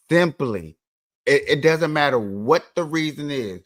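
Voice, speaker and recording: A man's voice: a little high, expressive, a little slow. Emphatic man arguing his point. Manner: emphatic, repeats himself to get the floor. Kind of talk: casual heated debate.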